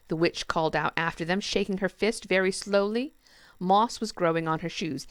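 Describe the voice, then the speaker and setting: A woman reading a children's book aloud with lively, expressive storytelling. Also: mid-range voice, normal speed, no room sound.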